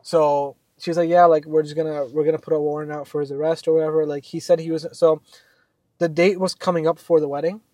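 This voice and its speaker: Young male co-host, slightly high voice, dry close sound, rambling animated storyteller. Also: fast, no room sound. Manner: animated, swearing, many fillers. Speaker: podcast co-host. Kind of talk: casual storytelling chat.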